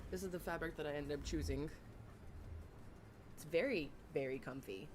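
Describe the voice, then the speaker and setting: Woman, young adult, raspy voice, chatty and giggly, rambling livestream talk, faint room hum behind. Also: deep voice, moderate pace. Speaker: livestream commentary host. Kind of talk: casual livestream chat.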